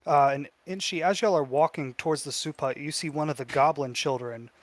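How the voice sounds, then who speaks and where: A man's voice: fairly high pitch, brisk, no room sound. A man narrating a tabletop game as game master, loose and full of fillers.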